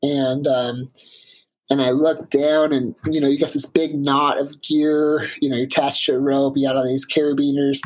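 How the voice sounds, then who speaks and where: A man, a guest on an interview show, telling an animated story in a casual way, with many fillers. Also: fairly high pitch, husky, poor audio.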